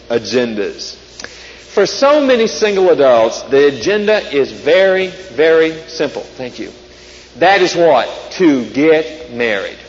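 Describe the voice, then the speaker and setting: A man's voice: fairly high pitch, very animated, measured pace. A man speaking on stage through a microphone at a conference, giving a joking, conversational talk and asking the audience questions. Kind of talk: humorous talk to a live audience. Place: large hall with a live audience. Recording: echoey hall, dull sound, faint hiss.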